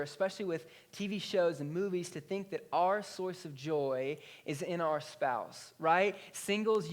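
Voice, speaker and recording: A male pastor in his thirties preaching a sermon in a conversational, animated storytelling way. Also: on the high side. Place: church.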